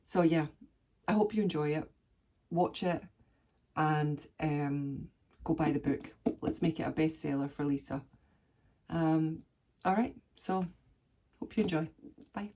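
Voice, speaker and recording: A woman's voice: low voice, a little slow, pauses often, warm tone. A woman reviewing a book in a casual vlog. She talks in an effusive, emotional way with many fillers. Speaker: vlogger.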